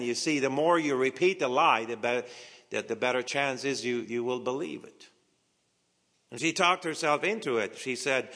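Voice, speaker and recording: Preaching in a medium-pitched voice, a man of the cloth gives a slow, deliberate sermon full of repeated phrases, swinging from quiet whispers to forceful peaks. A long hall reverb surrounds the recording.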